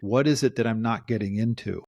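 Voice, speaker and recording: A man's voice: lowish voice, brisk, darkish tone, dry recording. Reflective man, dry close sound. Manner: reflective, acts out quoted lines. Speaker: therapist podcast co-host. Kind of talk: casual podcast discussion.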